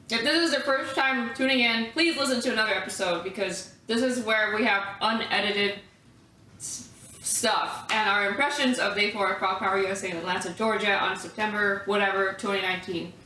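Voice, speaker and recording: A woman's voice: medium pitch, moderate pace, bright, forceful tone. A woman hosting a podcast in casual late-night chat, rambling with lots of fillers and swearing. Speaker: podcast host. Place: hotel room at a festival. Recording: echoey room, distant mic, faint noise.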